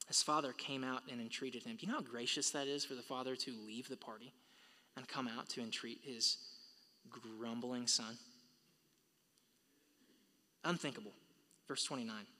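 A man's voice: medium pitch, steady tone, moderate pace, pauses often, sharp tone. Man preaching in a reverberant hall. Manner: preaching, building to emphatic peaks. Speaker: pastor. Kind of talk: sermon. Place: church sanctuary. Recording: long reverb of a large hall.

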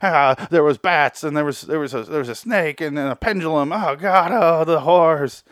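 A man putting on the voice of a panicky cartoon uncle, wailing and stammering in a high, loud voice. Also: animated, normal speed, dry recording, studio quality. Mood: terrified wailing.

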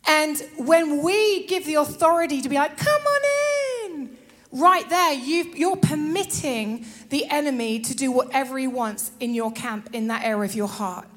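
Woman preacher, high voice, animated sermon, laughs often. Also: normal speed, few pauses. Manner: animated, laughs often, acts out little scenes.

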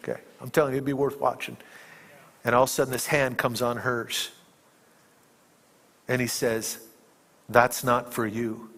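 A male preacher retelling a film scene in a sermon, shifting between hushed tones and emphatic peaks. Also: medium pitch, level tone, normal speed, long pauses, long reverb tail. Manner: dramatic storytelling, dropping to hushed tones and rising to emphatic peaks.

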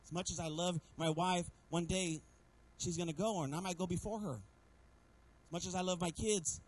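High-voiced pastor preaching a sermon. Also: male voice, low-quality recording. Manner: animated preaching with repeated calls to the congregation; storytelling with humor.

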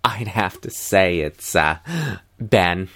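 Deadpan slow-talking man. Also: deep voice, dry recording. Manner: deadpan, dry absurd quips. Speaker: podcast co-host. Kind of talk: casual chat.

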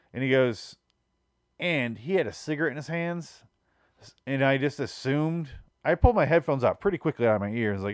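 A man's voice: medium pitch, lively intonation, fairly quick, no echo, studio quality. A man hosting a podcast, telling a comic story in a rambling, profane, exasperated way. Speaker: podcast host. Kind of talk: casual comedic storytelling.

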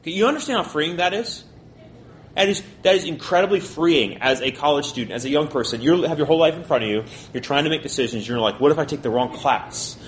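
A man teaching a college Bible class, talking quickly and conversationally and putting questions to his listeners. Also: on the high side, animated, a little hiss or hum.

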